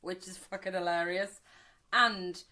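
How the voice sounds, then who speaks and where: On a rough recording, a Wirral woman in her forties co-hosts a casual chat podcast, speaking freely, cursing, and acting out snippets of dialogue. Her voice is fairly low and sharp, with a steady tone and a measured pace.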